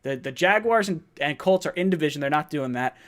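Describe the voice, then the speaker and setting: A young man hosting a live sports fan stream, his voice pitched a little high for a man. He talks fast and excitedly, restarting sentences as he thinks aloud and reading out viewer messages. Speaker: host of a fan livestream. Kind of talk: excited livestream sports talk.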